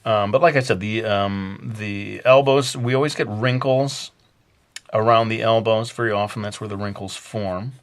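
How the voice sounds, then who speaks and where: A man with a somewhat low voice walks viewers through a drawing in a deliberately put-on Brooklyn accent. He rambles loosely, filling pauses with uhs and poking fun at himself as he sketches. The talk stays casual and conversational. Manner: jokingly putting on a Brooklyn accent; rambling and self-mocking, with many fillers. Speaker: drawing instructor. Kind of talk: casual drawing tutorial narration.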